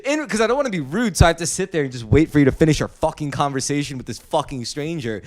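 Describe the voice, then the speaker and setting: A man's voice: a little high, animated, fast. A man in his thirties, co-hosting a podcast, ranting bluntly in casual chat with heavy swearing. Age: 30s. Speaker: podcast co-host.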